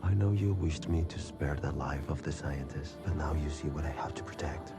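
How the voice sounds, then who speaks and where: A grave undersea king speaks in a very deep, slow, solemn voice. Loud film score swells behind the clip. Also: over music. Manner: slow, solemn, low-spoken.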